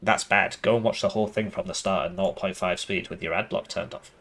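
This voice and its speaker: Gamer guy, lowish voice, deadpan and sarcastic, rambles a lot. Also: fairly quick. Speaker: gaming YouTuber. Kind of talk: casual game commentary.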